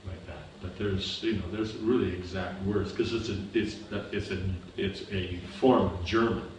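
A man with a fairly low voice teaches a scripture class, patiently explaining and often asking whether his students follow. He is heard from a distance in a very echoey room, with a little background noise. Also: steady tone, normal speed. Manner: patient, explaining with repeated checks for understanding. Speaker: spiritual teacher.

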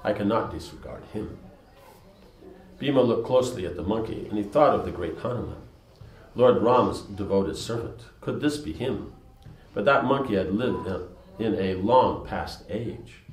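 A man with a lowish voice reads a scripture story aloud and stops to explain it in a relaxed, conversational way, full of fillers. The sound is roomy, with a clear echo. Faint ambience runs behind him. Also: moderate pace, a little hiss or hum. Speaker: storyteller and teacher. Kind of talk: reading a scripture story with casual commentary.

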